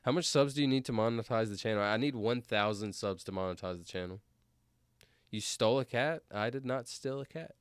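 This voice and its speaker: A young man, a streamer, telling rambling stories in casual chat, filling every pause with "like" and "anyways.". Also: mid-range voice, smooth, no room sound, studio quality. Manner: rambling, filler-heavy, says "like" and "anyways" constantly. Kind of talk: casual storytelling while reading chat.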